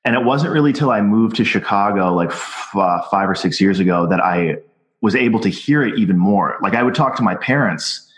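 Male podcast host from Minnesota, lowish voice, blunt and candid. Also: lively intonation, fairly quick, fairly bright tone. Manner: blunt, candid, casually profane. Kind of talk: casual podcast chat.

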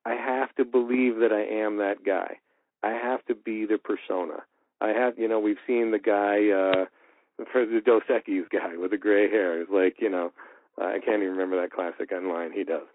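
Male voice actor, storytelling guest, slightly low voice, animated, dry phone-quality audio. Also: normal speed. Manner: animated, acts out quoted dialogue. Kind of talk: casual storytelling in an interview. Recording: tinny phone-like line, dry.

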